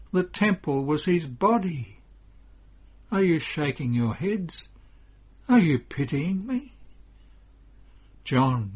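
A man's voice: a little high, darkish tone, husky. A man voicing a grieving mother, anguished. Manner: pleading, anguished exclamations. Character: grieving mother pleading beside her dead son.

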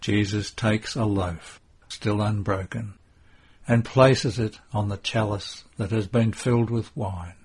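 A male narrator reads a devotional text in a measured, hushed way. His voice is low and a little husky, and he takes his time over each phrase. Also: fairly even intonation.

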